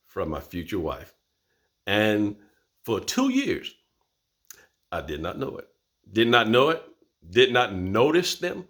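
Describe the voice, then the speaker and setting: Host in his 50s, low voice, storyteller, lively ups and downs. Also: slow, long pauses. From Florida, USA. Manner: animated, acts out voices. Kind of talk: personal storytelling.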